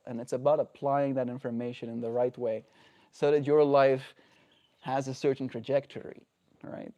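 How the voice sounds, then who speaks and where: A man's voice: mid-range voice, warm tone, muffled recording. A man talking earnestly and reflectively on a daily livestream, often checking in with the listener. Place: home.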